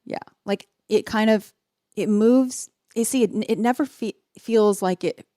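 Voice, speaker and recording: A woman's voice: mid-range voice, unhurried, dark tone, dry recording, studio quality. A woman hosting a podcast, chatting casually about a film score and saying "like" a lot. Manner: casual, uses "like" often. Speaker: podcast host.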